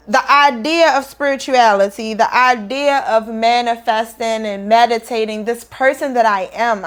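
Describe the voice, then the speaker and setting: Upbeat woman vlogging about meditation, kinda high voice, turned up and lively. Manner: energetic, animated, fired up. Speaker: meditation teacher. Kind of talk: casual direct-to-camera vlog. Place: indoors after the gym.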